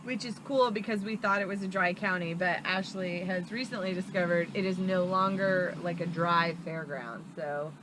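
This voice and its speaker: Casting: young woman vlog host, bright and bubbly, faint outdoor ambience. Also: mid-range voice, a little hiss or hum, poor audio. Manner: bubbly, giggly. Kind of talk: casual chat. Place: outdoors at a fairground campsite.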